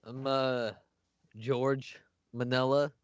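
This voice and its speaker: A man's voice: medium pitch, little pitch movement, drawn-out words, clear, resonant tone, no echo. Chill guy at the game table, joking, muffled dry audio. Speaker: player. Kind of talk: casual tabletop play.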